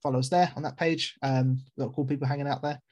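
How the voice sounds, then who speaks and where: Fast-talking young man. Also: medium pitch, fairly even intonation, darkish tone, lo-fi sound. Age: 20s. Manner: quick, rambling, laughs between remarks. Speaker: podcast co-host. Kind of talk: casual chat.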